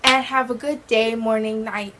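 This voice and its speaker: Teen girl vlogger, dramatic storyteller, slightly high voice, faint hiss behind. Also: moderate pace. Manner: animated, dramatic retelling with quoted voices. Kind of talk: casual storytime vlog.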